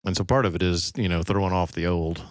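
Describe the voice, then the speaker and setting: A man's voice: low-pitched, steady tone, fast, dry recording, clean studio sound. A middle-aged man co-hosting a podcast in casual chat, rambling and often breaking off mid-sentence. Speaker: podcast co-host.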